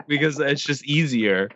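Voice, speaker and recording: A man's voice: mid-range voice, takes it slowly, fairly bright tone, no echo, dull audio. A man hosting a podcast in casual chat, telling loose stories with swearing and laughter. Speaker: podcast host.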